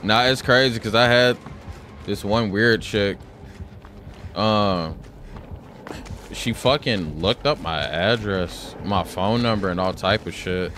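A man's voice: lowish voice, takes it slowly, pauses often, music in the background. A man streaming a game, telling stories in a loose, profane way and calling everyone "bro". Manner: loose, profane storytelling, says "bro" a lot. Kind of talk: casual gaming commentary.

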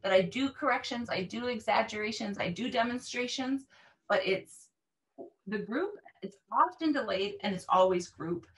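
A woman language teacher explaining how she runs her classes, animated and acting out phrases with exaggerated intonation. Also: medium pitch, moderate pace, distant mic.

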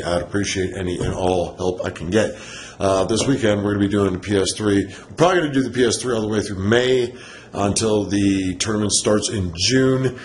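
A man's voice: lowish voice, a little mellow, roomy sound. A man vlogging at home, chatting in a playful, teasing way and laughing often. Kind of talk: casual chat. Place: home, indoors.

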